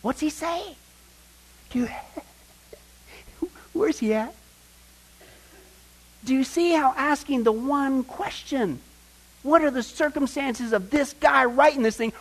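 A man preaching a sermon to a group, animated, often asking his listeners questions and acting out the people he quotes. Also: extremely high pitch, takes it slowly, pauses often, rough recording. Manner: animated, acts out quoted voices, asks the audience questions. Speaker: pastor teaching a Bible study.

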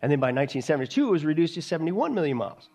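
A man's voice: fairly high pitch, very animated, racing, warm tone. A man preaching a sermon to an audience, sarcastic and mocking, with many rhetorical questions.

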